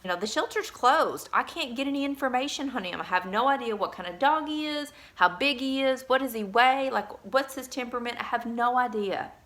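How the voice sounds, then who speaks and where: A woman's voice: a little high, lively intonation, fairly quick, few pauses, fairly bright tone. A woman vlogger and mother telling viewers a heartfelt story in a casual, earnest way. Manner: earnest and emotional, addresses viewers directly.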